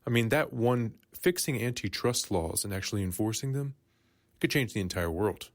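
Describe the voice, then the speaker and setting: A man's voice: lowish voice, lively intonation, normal speed. A man hosting a casual news commentary show, rambling and conspiratorial, often correcting himself mid-sentence. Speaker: podcast host.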